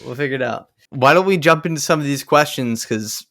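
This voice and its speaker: A man's voice: medium pitch, brisk, bright, forceful tone. A young man co-hosting a podcast, talking in a laid-back, casual way with lots of "dude" and "like.". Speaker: podcast co-host. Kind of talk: casual chat.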